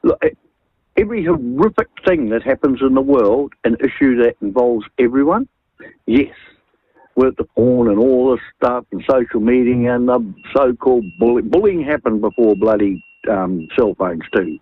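An older man calling a radio show over the phone, opinionated and animated, stumbling and repeating words. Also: medium pitch, moderate pace, dry recording. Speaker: radio caller. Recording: phone line.

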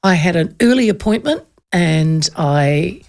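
Casting: New Zealand woman, radio host, gravelly edge, animated storyteller who does voices. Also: on the low side, a little slow. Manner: lively, animated, acts out voices in anecdotes.

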